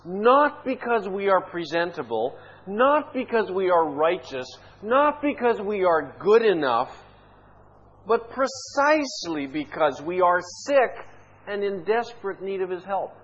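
Pastor dude preaching hard, high breathy voice, rhetorical questions, dull lo-fi recording. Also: male voice, expressive, unhurried. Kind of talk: sermon.

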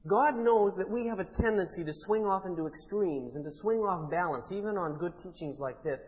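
High-voiced pastor preaching in a hall. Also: male voice, a little fast. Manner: emphatic preaching, rising to forceful declarations. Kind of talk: sermon. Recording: muffled sound in a large reverberant hall.

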